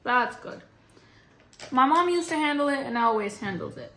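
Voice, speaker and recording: A woman's voice: high voice, animated, moderate pace, sharp tone, a little hiss or hum. Chatty young woman vlogger, roomy sound. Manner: rambling, frank, heavy use of "like". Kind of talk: casual venting to camera. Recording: roomy echo.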